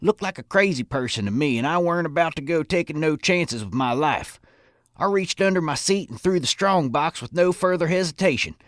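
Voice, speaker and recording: An actor playing a tough, stubborn stagecoach driver who talks in a plain, folksy way. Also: male voice, a little high, expressive, fairly quick, a bit bright, no room sound, clean studio sound. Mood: recounting. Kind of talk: audio drama acting.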